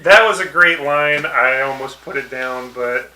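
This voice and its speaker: A man co-hosting a casual episode review, relaxed and chuckling as he leads the segments. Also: mid-range voice, unhurried, reverberant, slight background noise, poor audio. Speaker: podcast co-host.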